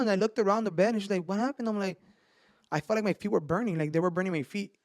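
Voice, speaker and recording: A man telling scary stories on a casual podcast, animated, swearing and slipping into slang. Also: high voice, very fast, dry recording, studio quality. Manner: animated, swears a lot, mixes in Spanish slang. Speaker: podcast host. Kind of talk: casual storytelling chat.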